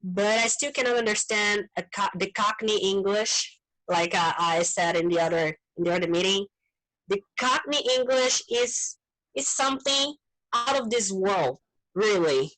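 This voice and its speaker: A woman whose first language is Portuguese, chatting casually in English in an online group meeting, animated and often repeating words as she searches for them. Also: medium pitch, a little slow, low-quality recording. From Brazil. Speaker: meeting participant.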